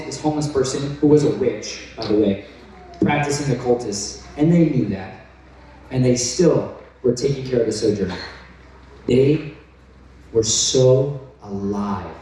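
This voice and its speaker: A man's voice: medium pitch, slight background noise. Intense man preaching in an echoey hall. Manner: intense, excitable, bursts into shouts. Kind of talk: storytelling sermon. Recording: very echoey, from far off.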